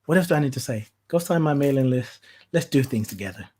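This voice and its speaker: A podcast host in casual spiritual talk, heartfelt and preachy, flaring into animated rants and blessing the listener. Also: medium pitch, fast.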